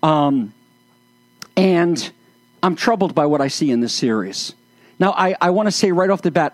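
A man's voice: a little high, animated, normal speed, long pauses, dry recording. A man speaking as a pastor in sermon-style commentary, earnest, with flashes of exasperated sarcasm.

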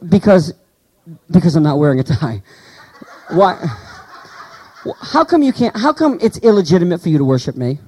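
A man delivers a sermon in a fairly high but mellow voice. He teaches with animated rhetorical questions to his congregation. He reads the scripture passages slowly and with weight. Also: breathy edge, low-quality recording. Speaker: pastor.

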